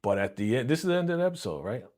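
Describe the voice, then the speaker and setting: Animated man recapping an episode. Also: medium pitch, rapid-fire. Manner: excited, slangy retelling with chuckles. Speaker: reaction streamer. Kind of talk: casual live reaction recap.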